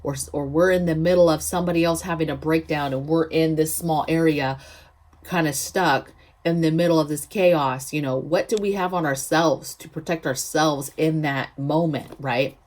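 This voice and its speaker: Speaking at a moderate pace in a deep, slightly mellow voice with fairly even intonation, the host of a prepping channel tells a story to her viewers. She's chatty and emphatic, and she keeps dropping in "okay?" to check in with them.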